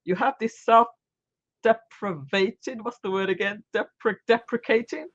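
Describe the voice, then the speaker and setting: A woman's voice: mid-range voice, unhurried, husky, highs cut off. A woman hosting a live online talk show, chatting casually and heaping repeated praise on a guest with plenty of restarts and fillers. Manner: warm, repetitive praise with frequent restarts and fillers. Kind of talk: casual live-stream chat.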